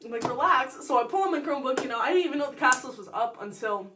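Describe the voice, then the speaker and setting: A woman's voice: high voice, animated, rapid-fire, distant mic, noisy background. A teenage girl telling a story casually, full of likes and you-knows. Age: teens. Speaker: co-host.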